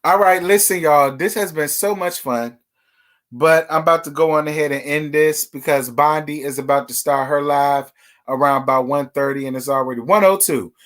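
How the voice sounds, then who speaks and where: Man, livestream gossip host, sassy, chatty, slightly high voice. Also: moderate pace, fairly bright tone. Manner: sassy, chatty, talks straight to viewers. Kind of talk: casual reality TV gossip livestream.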